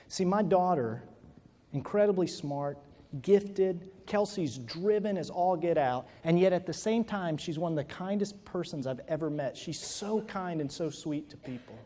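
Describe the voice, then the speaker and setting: A man's voice: a little high, animated, normal speed, warm tone. A man giving a motivational keynote to an audience in a large hall, telling a personal story and then building to emphatic exhortation. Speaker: motivational speaker. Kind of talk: keynote speech. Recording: reverberant hall.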